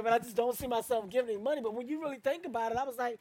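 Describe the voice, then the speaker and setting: A man's voice: very high-pitched, very fast, crowd noise. A man from Philadelphia, a touring performer, telling stories with energy and frequent laughter in an interview. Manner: animated storyteller, laughs easily.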